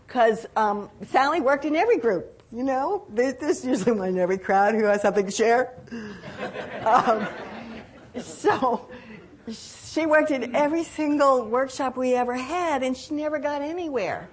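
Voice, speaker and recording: An older woman telling a personal story in a reflective, unhurried way, with restarts and lively quoted voices. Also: high-pitched. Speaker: speaker telling her own story.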